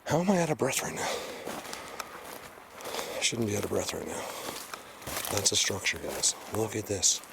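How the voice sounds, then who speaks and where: A man vlogging while hiking through a forest, excitedly pointing things out to his viewers in casual walk-and-talk. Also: on the low side, moderate pace, creaky, long pauses, background noise. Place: forest outdoors, hiking uphill.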